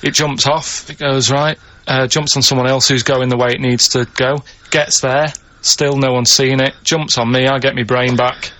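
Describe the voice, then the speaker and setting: Bloke, deadpan, dead earnest about daft theories, bright tone. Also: male voice, mid-range voice, moderate pace, hardly any pauses. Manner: deadpan, earnest, rambling logic. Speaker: co-host. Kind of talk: comedic radio banter.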